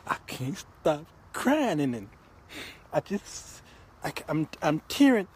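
A man's voice: fairly high pitch, moderate pace, husky. A man voicing a big burly thug who stammers and mumbles, tough but tearful.

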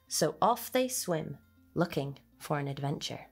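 A woman reading a children's picture book aloud in an expressive storyteller's voice. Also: deep voice, unhurried, creaky, husky, faint music behind.

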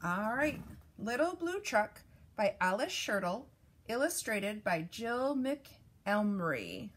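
A woman reading a children's picture book aloud, in an expressive, animated way. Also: medium pitch, slow, husky. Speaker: storyteller.

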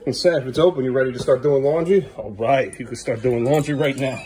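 Warm in tone and medium in pitch, a man talks quickly as he records a laid-back family vlog inside his home. He's patient and playful with his young sons, nudging them along. Background noise is clearly audible in this home video.

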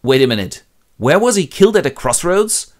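A man's voice: on the high side, big pitch swings, fairly quick, pitched above the performer's own voice. A man voicing a brash young king who blusters and swears. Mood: panicked.

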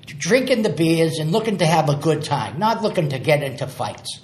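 A man's voice: on the high side, big pitch swings, normal speed. A man, a guest telling stories in a casual interview, rambling and repeating words as he acts out old conversations. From Somerville, Massachusetts. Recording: echoey room.

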